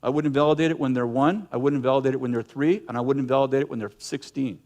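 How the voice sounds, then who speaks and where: A middle-aged male pastor preaching a sermon in an animated way, breaking into acted yelling now and then. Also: mid-range voice, racing. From United States.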